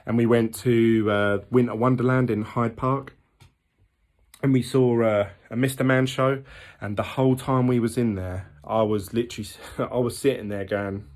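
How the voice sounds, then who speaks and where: A man's voice: medium pitch, fairly even intonation, normal speed, darkish tone. A man, talking candidly and rambling in a casual vlog with lots of ums. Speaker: vlogger. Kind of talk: casual diet vlog talk.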